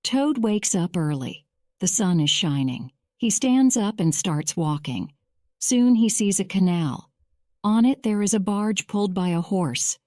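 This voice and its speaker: A woman reading a simple storybook aloud for English learners, clear and deliberate. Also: mid-range voice, expressive, warm tone, no room sound, clean studio sound. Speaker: narrator. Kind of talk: slow scripted story narration for English learners.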